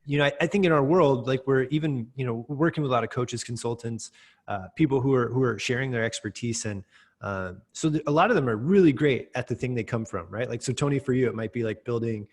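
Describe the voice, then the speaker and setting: A man's voice: mid-range voice, fast talker. An American man hosting an interview, rambling with many fillers and restarts. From USA. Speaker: host. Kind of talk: casual interview chat.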